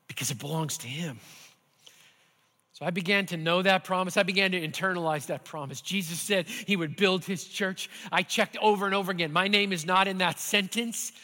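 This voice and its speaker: A man preaching a sermon as pastor, earnest and building at times to animated intensity, in a church sanctuary. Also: sits high. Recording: hall reverb.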